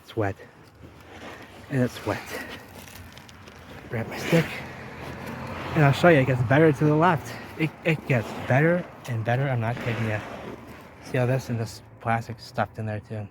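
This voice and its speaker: A man's voice: medium pitch, moderate pace, pauses often, noisy background. A man narrating an exploring vlog outdoors, rambling to viewers while he walks and points things out. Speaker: vlogger. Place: outdoors by a river wall.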